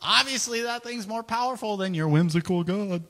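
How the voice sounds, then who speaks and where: A man's voice: sits high, normal speed, fairly bright tone, in a large hall, voice pushed up. A man voicing a boastful, arrogant ancient king who taunts scornfully. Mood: mocking.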